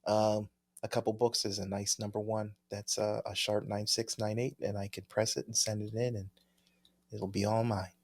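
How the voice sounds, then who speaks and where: A man's voice: fairly low pitch, little pitch movement, moderate pace. A man co-hosting a podcast in casual chat, easygoing, thinking aloud and chuckling often as he reads viewer mail. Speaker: podcast co-host.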